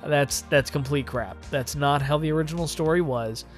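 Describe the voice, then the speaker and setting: A man's voice: on the high side, moderate pace. A man giving a casual, opinionated, rambling review. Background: faint music.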